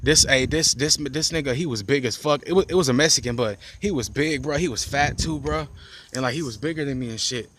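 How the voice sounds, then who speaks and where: A man tells a street story in a loose, rambling way, piling on profane slang and starting sentences over. His voice sits in an ordinary middle pitch. It is caught on a phone outdoors, with a faint wash of ambience behind him. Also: a little fast, fairly bright tone, slight background noise. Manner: rambling, profane slang with frequent restarts and "bro". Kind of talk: casual storytime monologue.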